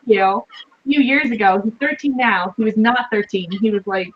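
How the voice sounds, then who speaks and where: A woman's voice: medium pitch, brisk, dull audio. A woman of thirty, talking casually as a guest, filling her speech with "like" and acting out her stories. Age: 30s. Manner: chatty, fills with "like" and acts out stories. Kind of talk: casual chat.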